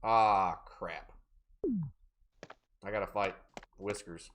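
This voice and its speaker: Playful, lively-voiced male game streamer. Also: on the high side, moderate pace, loud music behind the voice. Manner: joking, playful banter with chat; reads out viewer names and thanks. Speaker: live streamer. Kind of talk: casual live gameplay chat.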